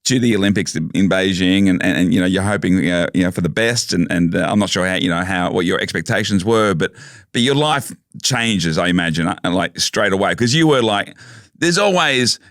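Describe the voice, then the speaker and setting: A man hosting a podcast, halting and repeating words as he asks long questions. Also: sits low, expressive, a bit bright, dry recording, clean studio sound. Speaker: podcast host. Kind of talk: casual chat.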